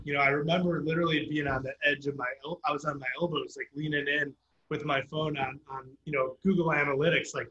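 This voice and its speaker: A man telling a founding story in a casual interview, animated and full of filler words. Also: fairly high pitch, a little fast, reverberant, highs cut off, a little hiss or hum. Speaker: startup founder guest.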